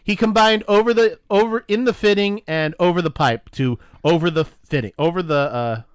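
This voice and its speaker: A man co-hosting a podcast acts out the dialogue of a profane workplace story, animated and relaxed among friends. His high-pitched voice goes at a normal speed, with a clean tone, no echo and studio quality.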